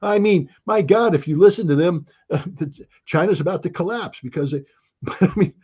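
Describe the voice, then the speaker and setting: A man's voice: high voice, moderate pace, a little mellow, husky. A man giving casual livestream commentary, blunt and sardonic, who often repeats words as he thinks. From United States. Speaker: guest commentator. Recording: dull lo-fi stream audio.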